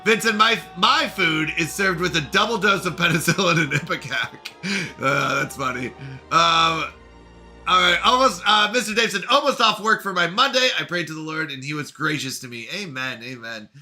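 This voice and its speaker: A man's voice: on the high side, moderate pace, pushed and bright, faint music behind. A man live-streaming in a casual, playful way, reading chat messages aloud and joking around. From Canada. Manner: playful, chatty, reads chat messages aloud, jokes about pronunciation.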